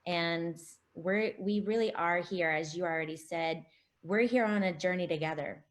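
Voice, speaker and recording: Earnest woman co-host, reassuring, fairly low voice. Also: moderate pace. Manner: earnest, reassuring, faith-minded. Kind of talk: casual heartfelt discussion.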